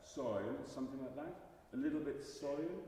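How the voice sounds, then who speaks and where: A man coaching a singer in a masterclass, animated and jokey, often restarting his sentences and singing short examples. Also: mid-range voice, normal speed. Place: large recital hall. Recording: echoey hall from far off.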